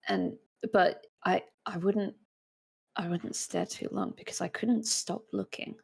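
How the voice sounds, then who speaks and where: Giggly, animated female player. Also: lowish voice, unhurried, vocal fry, husky. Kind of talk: casual in-character chat.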